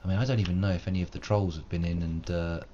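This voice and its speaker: A very low-voiced man chats his way through a live game stream, rambling and self-deprecating. He dresses up his musings in wordy, old-fashioned phrasing. The home recording is slightly muffled, with faint noise underneath. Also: fairly even intonation, racing, dark tone. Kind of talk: live gameplay commentary.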